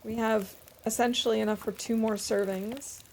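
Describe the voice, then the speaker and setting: A woman's voice: on the high side, steady tone, moderate pace, darkish tone, a little hiss or hum. A woman streamer giving casual, chatty commentary while playing a game, thinking aloud as she goes.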